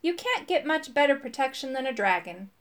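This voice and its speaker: Lady doing a high bratty little dragon, touchy, brags a lot. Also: sing-song, fairly quick, fairly bright tone. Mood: indignant. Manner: indignant and boastful. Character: small, touchy young male dragon. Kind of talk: storybook character voice.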